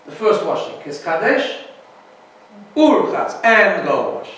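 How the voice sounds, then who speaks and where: Rabbi guy giving a casual class, kinda high voice, sounds far from the mic in a big echoey room. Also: expressive, measured pace, sharp tone. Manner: chatty, keeps asking "right?". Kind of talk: informal Torah lesson.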